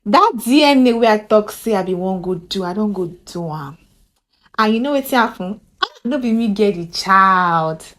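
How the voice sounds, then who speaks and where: A Nigerian woman voicing an anxious male taxi driver who talks softly and complains. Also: mid-range voice, lively intonation, moderate pace, close to an everyday voice. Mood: grumbling.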